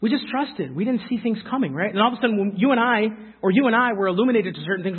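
A man preaching a sermon, animated and talking straight to the congregation with quick asides. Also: sits high, husky. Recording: phone-like sound with long hall reverb.

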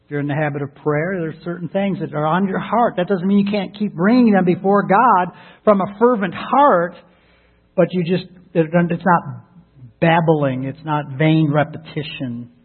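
Husky-voiced preacher on tinny radio. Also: male voice, a little high, moderate pace. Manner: earnest, repeats words when starting a thought. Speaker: pastor. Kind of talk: sermon. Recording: tinny narrowband radio broadcast.

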